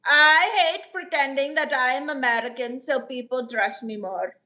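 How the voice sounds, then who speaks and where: A woman comedian voicing a brash, self-assured customer-service rep who calls everyone baby, in a deadpan improvised livestream. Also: sits high, normal speed.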